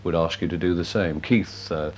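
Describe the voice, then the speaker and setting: A man's voice: low voice, fairly even intonation, moderate pace, a little hiss or hum. A man presenting local radio in a genial, rambling chat style. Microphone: studio microphone.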